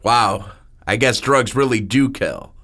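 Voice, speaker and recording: A man's voice: mid-range voice, slow, a bit bright. A man voicing a blunt, sarcastic young woman.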